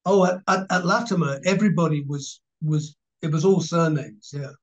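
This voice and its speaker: An English man in his sixties, a guest actor telling animated stories and laughing through an interview. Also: fairly high pitch, normal speed. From England. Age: 60s. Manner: animated storyteller, laughing, mimicking others. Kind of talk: casual anecdotal interview. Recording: dull lo-fi recording.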